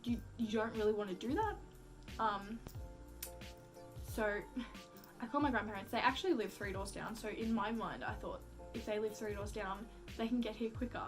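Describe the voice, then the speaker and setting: With music in the background, a young vlogger recounts a story in a mid-range voice at normal speed, leaving long pauses. Her telling is chatty and casual, heavy on "like" fillers, with acted-out quotes and casual cursing.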